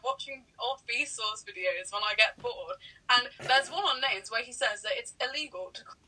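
A woman's voice: sits high, pushed and bright, far from the mic, slight background noise, low-quality recording. A young woman co-hosting a casual chat podcast, giggly and rambling, swearing freely. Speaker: podcast co-host.

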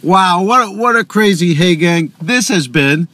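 A slightly high-voiced man hosts a podcast from the seat of his car. He drifts from one story to the next and keeps cutting in on himself as he goes. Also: expressive, measured pace, bright, forceful tone. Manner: chatty, digressive, self-interrupting. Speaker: podcast host. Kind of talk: casual rambling monologue.

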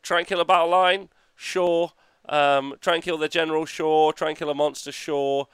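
A man's voice: on the high side, fairly even intonation, normal speed, fairly bright tone, clear, resonant tone, dry recording. A man co-hosting a podcast in casual chat, enthusiastic and rambling, laughing often and swearing casually. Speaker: podcast co-host.

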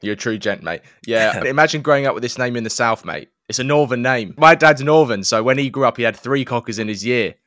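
A man's voice: medium pitch, quick pace, few pauses, a bit bright, no echo. Chatty man hosting a podcast. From East London. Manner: chatty, matey banter. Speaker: podcast host. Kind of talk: podcast interview. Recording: dry remote podcast recording.

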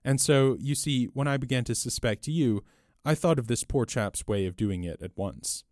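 A man reading aloud and voicing a small, mild older priest with a gentle, apologetic, quietly shrewd manner. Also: medium pitch, normal speed, no room sound, studio quality, voice pushed up, lightly acted.

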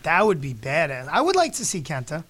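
A man's voice: a little high, huge pitch swings, fairly bright tone, breathy edge. Laughing, teasing podcast host, man. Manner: laughs often, teasing, quick asides. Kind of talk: casual chat.

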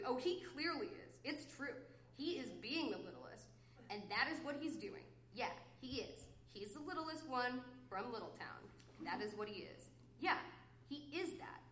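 A woman performing her poem live in a roomy, echoey space, her higher voice leaping up and down in pitch. She repeats herself, coos mock-flirty asides and then grumbles in exasperation. A faint hum sits underneath. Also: very animated, moderate pace, a bit bright. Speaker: poet reading her work. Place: reading series venue with an audience.

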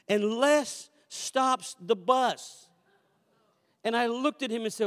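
A man preaching a sermon as a pastor, telling a story with animated, acted-out quotes and repeated refrains. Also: very high voice, unhurried, in a large hall. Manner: animated storyteller who acts out quoted voices. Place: church sanctuary.

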